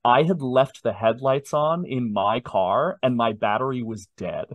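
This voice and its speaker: Man in his twenties, animated storyteller, dry close sound, casual chat. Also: medium pitch, unhurried, no echo, highs cut off. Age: 20s. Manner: animated, self-deprecating storytelling. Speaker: guest.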